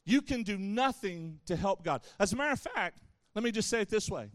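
High-voiced man preaching to young people. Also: lively intonation, fairly quick, no echo. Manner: conversational preaching with playful asides to the audience. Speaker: youth pastor. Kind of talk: sermon.

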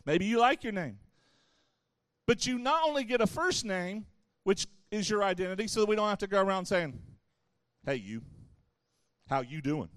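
A man's voice: sits high, a little fast, fairly bright tone, smooth, dry recording. A man giving a sermon to young people, speaking conversationally and with playful asides to the crowd. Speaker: youth pastor.

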